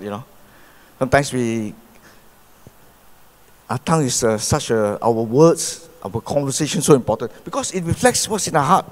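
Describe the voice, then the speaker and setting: Malaysian man preaching in a reverberant hall. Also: medium pitch. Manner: animated preaching with rhetorical questions. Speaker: pastor. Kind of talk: sermon. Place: church hall. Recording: long church hall reverb.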